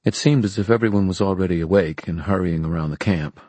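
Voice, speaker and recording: Deep-voiced male audiobook narrator. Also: quick pace, a little mellow, husky, no room sound. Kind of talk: scripted narration.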